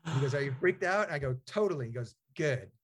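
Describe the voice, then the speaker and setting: A man's voice: a little high, expressive, quick pace. A man, an author and guest in a casual interview, talks in a rambling, storytelling way with many fillers and restarts.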